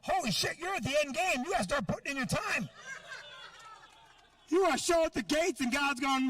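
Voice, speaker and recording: A middle-aged man works a comedy club stage, ranting in a brash, profane style. His voice sits very high and sounds bright and forceful. The sound is dry and picked up from a distance. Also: lively intonation, fairly quick, pauses often, a little hiss or hum. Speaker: stand-up comedian. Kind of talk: stand-up set.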